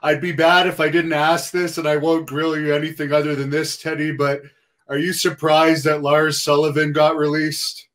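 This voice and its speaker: A man's voice: fairly high pitch, little pitch movement, moderate pace, fairly bright tone. A man interviewing wrestling guests, reading viewer questions.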